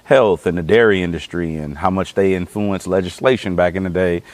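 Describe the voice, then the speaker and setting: A young man talks in a loose, slangy way and swears freely as he tells stories. His voice sits a little low. The sound is close and dry, with almost no room in it. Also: brisk, darkish tone, dry recording. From east side of Los Angeles. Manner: laid-back slangy storytelling, swearing freely. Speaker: guest. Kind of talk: casual chat.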